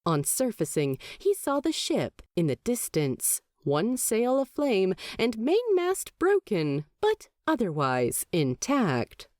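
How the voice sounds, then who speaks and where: A woman narrating a fan fiction audiobook with expressive storytelling. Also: mid-range voice, slow pace, hardly any pauses, no room sound, studio quality. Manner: expressive storytelling, lively inflection.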